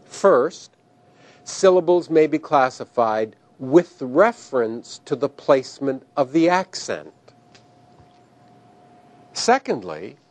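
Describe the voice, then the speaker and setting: Man teaching grammar, super slow and careful, voice goes up and down a lot. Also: medium pitch, darkish tone. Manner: slow and deliberate, careful pronunciation of terms. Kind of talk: recorded grammar lecture.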